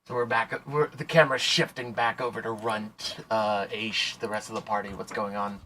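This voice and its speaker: A man running a tabletop role-playing game, narrating scenes with casual, quick asides. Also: lowish voice, flat delivery, bright, forceful tone, a little hiss or hum, poor audio. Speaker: game master.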